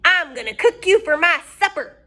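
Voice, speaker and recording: Lady reading doing a nasty old witch, shrill and snappy, high bright yells. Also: expressive, normal speed, heavily acted. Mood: demanding. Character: mean old witch, scary and greedy. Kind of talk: storybook read-aloud.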